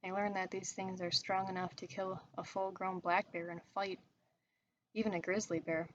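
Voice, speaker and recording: A woman narrating a horror story in a steady, even reading voice. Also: medium pitch, normal speed, muffled recording, a little hiss or hum. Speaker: story reader.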